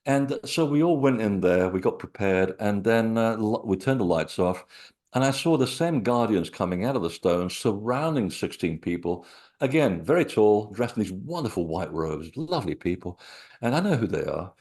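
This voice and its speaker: A man, an author being interviewed, telling lively personal anecdotes full of asides and quoted thoughts. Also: fairly low pitch, normal speed. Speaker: author and researcher of sacred sites. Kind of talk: conversational interview storytelling.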